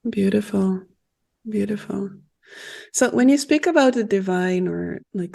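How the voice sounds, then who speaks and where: Soft-spoken woman host, mellow fry. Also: lowish voice. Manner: soft, affirming, reflective. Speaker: podcast host. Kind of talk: casual interview.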